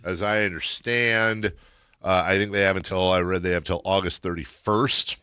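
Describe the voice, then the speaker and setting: A low, bright-toned American man hosting a sports radio show in a dry studio, talking loosely with plenty of fillers. He wanders through his points with pauses and restarts. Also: steady tone, clear, resonant tone, no echo. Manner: chatty, rambling with many fillers. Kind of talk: casual sports radio banter. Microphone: studio microphone.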